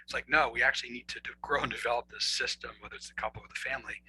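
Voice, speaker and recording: A man speaking as a guest relationship coach, explaining earnestly and acting out inner dialogue, swinging between loud and soft. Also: mid-range voice, steady tone, very fast, slight background noise, low-quality recording. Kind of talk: conversational explaining.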